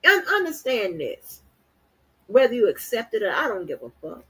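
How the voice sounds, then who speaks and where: A woman's voice: on the high side, wildly swooping pitch, moderate pace, sharp tone, husky. A woman hosting a livestream, talking bluntly and defiantly with heavy profanity and repeated words. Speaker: channel host. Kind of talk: livestream rant.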